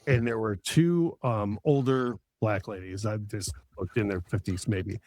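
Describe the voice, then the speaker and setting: A man's voice: fairly low pitch, measured pace, darkish tone, no room sound. A middle-aged man chatting casually as a podcast host, enthusiastic and rambling with many fillers and restarts. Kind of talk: casual chat.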